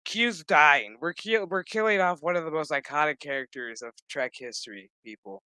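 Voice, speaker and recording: A show recap host rants casually about a TV episode in a fairly high voice at normal speed, captured in a dry recording. Animated and exasperated, he swears a lot and acts out the characters' dialogue.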